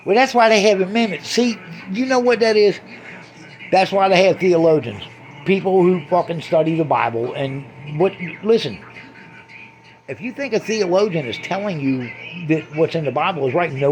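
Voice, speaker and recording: A man's voice: high voice, a little hiss or hum. A man in a crude, rambling rant, swearing heavily and drifting between asides. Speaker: monologuist.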